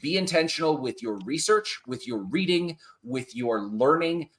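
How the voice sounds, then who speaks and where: A man's voice: on the high side, normal speed. A man as a guest author on a podcast recorded over a video call, talking casually and emphatically. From French Canadian family name. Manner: animated, emphatic advice-giving.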